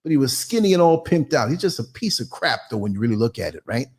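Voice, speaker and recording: Speaking fast in a mid-range voice, this live podcast host spins a story theatrically, performing the different voices and sounds himself.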